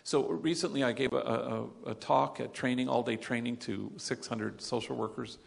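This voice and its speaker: A man telling a moving story to an audience in a recorded talk, getting loud as he retells it and going quiet as he reflects. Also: mid-range voice, fairly even intonation, normal speed, gravelly. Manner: earnest storyteller, rising loud in retold moments, dropping quiet in reflection. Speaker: speaker on gang work.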